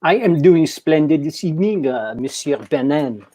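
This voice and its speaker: A man's voice: a little high, lively intonation, normal speed, warm tone. A man playing an easily frightened French baker, with a put-on French accent and a flamboyant manner, dropping French words. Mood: playful. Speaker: improv player.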